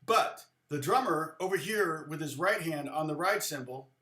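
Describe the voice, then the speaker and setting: A middle-aged man teaching a live-streamed guitar lesson in a loose, chatty way, often counting rhythms out loud. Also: a little high, animated, moderate pace, echoey room. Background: guitar playing.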